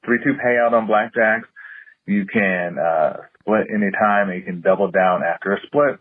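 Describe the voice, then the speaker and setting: A man calling in from Virginia to give a trip report in a steady, matter-of-fact way. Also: on the low side, moderate pace, no echo. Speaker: caller. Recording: husky phone line.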